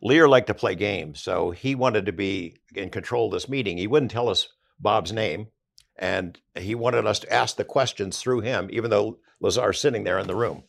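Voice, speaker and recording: A man's voice: on the low side, moderate pace, vocal fry. An older man, an investigative journalist, recounting past events conversationally in a podcast interview.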